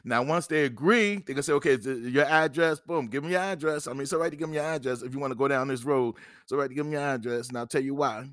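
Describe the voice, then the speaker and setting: Fast-talking and fairly bright at a medium pitch, this middle-aged podcast host gives credit advice in a dry, clean studio recording. He teaches through a monologue, hammering points home, repeating himself, and playing both parties in phone calls.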